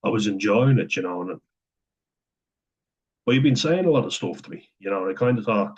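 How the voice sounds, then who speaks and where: A man's voice: fairly low pitch, lively intonation, fairly quick, pauses often, a little mellow, husky. A young man in a candid, profane personal monologue, talking frankly and conversationally. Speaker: vlogger. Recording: dull lo-fi sound.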